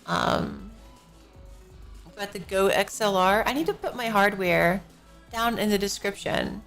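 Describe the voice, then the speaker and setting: A woman's voice: medium pitch, unhurried, vocal fry, fairly bright tone. A drowsy woman streams from her home desk and rambles through casual chat, yawning and a little out of it. She talks into a good desk microphone, with faint music drifting in from somewhere nearby. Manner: rambling, slightly out of it. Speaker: live streamer. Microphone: professional-grade desk microphone. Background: faint music from a neighbor.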